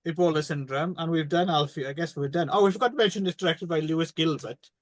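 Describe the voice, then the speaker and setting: Joking man with a slightly high voice. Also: fast, no room sound. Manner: rambling, jokey, tells crude anecdotes with restarts. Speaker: podcast co-host. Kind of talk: casual film chat.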